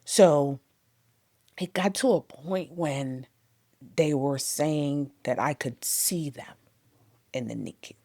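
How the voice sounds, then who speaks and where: A woman as an interview guest, telling a personal testimony with emotion, her voice swinging between loud and hushed. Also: low-pitched, slow, pauses often, no room sound, clean studio sound.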